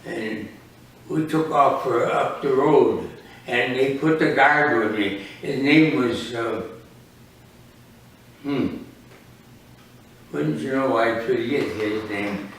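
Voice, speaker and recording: A man in his nineties telling old war stories in an interview, halting and often searching for words. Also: medium pitch, fairly bright tone. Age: 90s. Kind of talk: storytelling in an interview. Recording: roomy sound from a distant mic.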